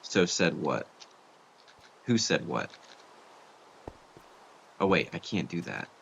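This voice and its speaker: A man's voice: low-pitched, very animated, gravelly, a bit bright, dull audio, a little hiss or hum. A man streaming a building game, chatting casually with viewers and reacting as he plays. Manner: chatty, talks to chat while building, quick exclamations. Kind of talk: casual gaming chat with viewers.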